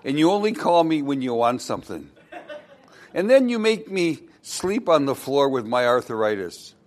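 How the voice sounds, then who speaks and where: A man doing a kvetching old talking dog. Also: a little high. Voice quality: kvetching, Yiddish-flavored complaining.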